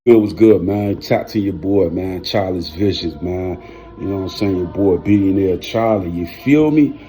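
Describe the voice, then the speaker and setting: Deep-voiced man chatting casually over music. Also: moderate pace, mellow. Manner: slangy, keeps adding "man" and "you know what I'm saying". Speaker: vlog host. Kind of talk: casual storytelling. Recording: music playing under the voice.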